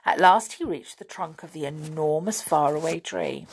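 A woman reading a children's book aloud, gentle and expressive. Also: deep voice, moderate pace, breathy edge. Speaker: storyteller.

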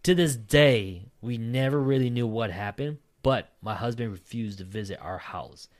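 A man's voice: lowish voice, moderate pace, darkish tone. A man chatting casually on a podcast, laughing often and swearing freely, and reading out a spooky listener story. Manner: laughs often, swears, says "dude" a lot.

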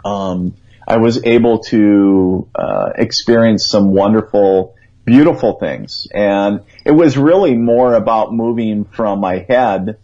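A man's voice: fairly low pitch, takes it slowly, warm tone. A man on a call-in radio show as a guest psychic, telling a story in an earnest, rambling way. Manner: earnest, rambling, quotes his own thoughts aloud. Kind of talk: conversational storytelling. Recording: dull lo-fi radio sound.

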